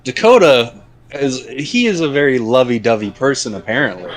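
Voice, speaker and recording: A young man, telling a story in a casual podcast chat with friends, with drawn-out dramatic pauses. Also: mid-range voice, animated.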